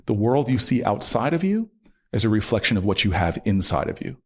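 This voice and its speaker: A man's voice: fairly low pitch, very animated, a little fast. A man reading a stern, wise older woman community leader who lectures firmly, kept near his own voice. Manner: firm, lecturing.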